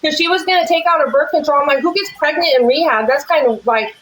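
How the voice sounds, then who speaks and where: Fast-talking, high-voiced woman, rambling bluntly. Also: fairly bright tone, reverberant, rough recording. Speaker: livestream guest. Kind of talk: casual chat.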